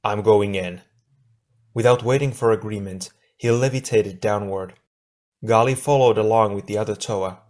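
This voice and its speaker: A man narrating an adventure audiobook in a steady, measured storytelling voice. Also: fairly low pitch. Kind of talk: scripted narration.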